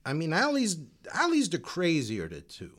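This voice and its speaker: Male podcast co-host, slightly higher voice, lively, teasing humor. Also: normal speed. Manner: jokey, teasing, hesitant with many ums. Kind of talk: casual podcast banter.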